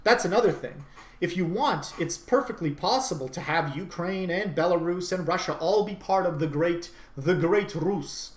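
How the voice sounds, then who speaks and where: A man's voice: sits high, normal speed. Emphatic man in an echoey room. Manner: opinionated and emphatic, with restarts and repeated phrases. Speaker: commentator. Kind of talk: unscripted monologue.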